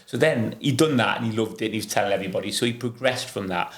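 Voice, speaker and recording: A middle-aged man hosting a casual podcast chat, telling stories with his pitch jumping up high when he gets excited. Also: very fast. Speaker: podcast host.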